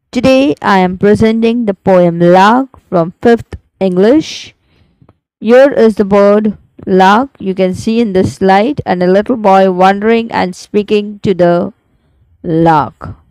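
Slow, careful woman teaching poem recitation. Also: medium pitch, darkish tone, clear, resonant tone, no echo, low-quality recording. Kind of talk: slow poetry recitation lesson.

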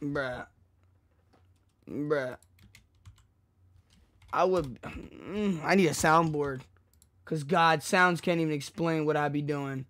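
Young man, streamer reaction chat, crude and excitable, dry close desk mic, high voice. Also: slow pace, long pauses, dry recording. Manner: crude, excitable, swinging between loud outbursts and low mutters. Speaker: streamer reacting to a music video. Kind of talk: casual live reaction chat.

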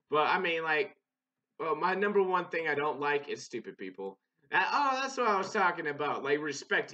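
A young man talks over his gameplay in loose, profane rambles, tripping over his words and starting over. His voice sits a little high and sounds bright and forceful. The recording is dull and lo-fi. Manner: rambling and profane, many restarts. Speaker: gaming channel host. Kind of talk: casual gameplay commentary.

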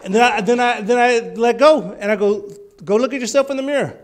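Man, preacher, high voice, fervent sermon, bursts of loud exclamation. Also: a little fast, slight background noise.

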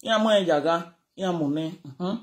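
Animated Nigerian speaker, scolding rant. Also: mid-range voice, unhurried. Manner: animated, scolding, code-switching with Yoruba. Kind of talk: casual rant to camera.

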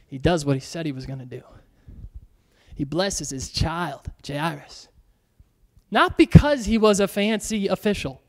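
A man's voice: sits high, clear, resonant tone. A young man preaching a casual, chatty sermon as pastor, filling his talk with "like" and "y'all" and acting out the voices in the story. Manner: chatty and animated, says "like" and "y'all" often, acts out Bible voices.

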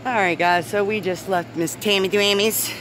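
A woman's voice: mid-range voice, fairly even intonation, normal speed, fairly bright tone, a little hiss or hum, low-quality recording. A woman vlogging a friends' party, chatting and laughing as she narrates to the camera. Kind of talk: casual vlog chat.

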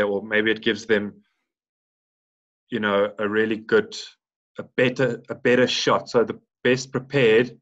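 A man in his thirties from South Africa, a podcast guest who talks in a rambling way, full of restarts and fillers. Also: fairly low pitch. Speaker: guest, former Paralympic swimmer. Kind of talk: casual podcast interview. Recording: dull lo-fi sound.

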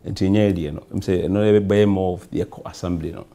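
A man's voice: low-pitched, steady tone, brisk, mellow. A Ghanaian man, a member of parliament, answering in a talk show interview with rambling, repetitive answers. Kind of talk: talk show interview, mixing English and Twi.

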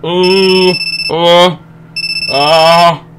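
A man commentating his horror game playthrough, swearing a lot and shouting at the game when it frightens him. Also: high-pitched, fairly even intonation, very slow, very noisy. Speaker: let's play host. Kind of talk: gaming commentary.

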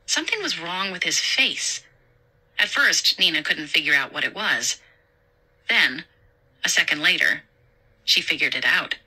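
A woman narrating a suspenseful horror story in a measured storytelling voice. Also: low-pitched, lively intonation, bright, forceful tone, husky, low-quality recording.

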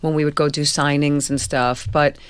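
A woman from Queens with a New York accent, speaking as an interview guest in a candid, storytelling way with a deep, slightly gravelly voice. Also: level tone, moderate pace, dry recording, studio quality. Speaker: guest actress. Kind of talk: casual interview chat.

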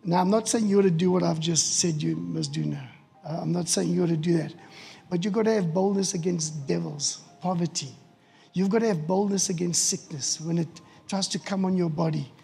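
A middle-aged man, preaching a storytelling sermon in an animated way, acting out quotes and often restarting words. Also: high voice, fairly quick, creaky, slightly rough. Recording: hall reverb with faint music.

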